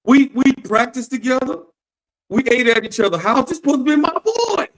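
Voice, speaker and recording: A man with a very high voice recounting a betrayal on a podcast. His pitch swings widely as he tells the story with animated indignation. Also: brisk, rough recording. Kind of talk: casual podcast chat.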